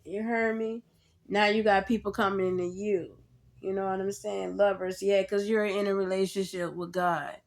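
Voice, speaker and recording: A woman giving a casual tarot reading straight to the viewer, animated and slangy, laughing often as she talks. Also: mid-range voice, moderate pace. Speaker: tarot reader.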